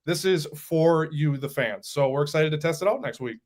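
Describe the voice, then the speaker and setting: A man's voice: a little high, normal speed, darkish tone. A man from Wisconsin with a Wisconsin accent, a show producer chatting in a friendly way and laughing easily. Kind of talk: casual chat.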